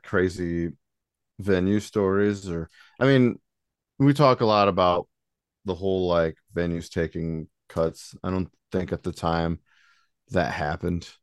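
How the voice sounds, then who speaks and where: A man with a very deep voice hosts a relaxed interview. He reacts with short laughs and asks loose, rambling follow-up questions. The room sound is dry. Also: dry recording. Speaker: podcast host. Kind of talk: casual interview chat.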